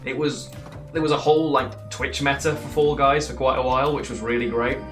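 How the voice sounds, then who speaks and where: A man's voice: mid-range voice, fairly even intonation, a little fast, fairly bright tone, soft background music. A man giving casual, rambling gameplay commentary while streaming and answering chat between plays. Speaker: streamer playing a card game.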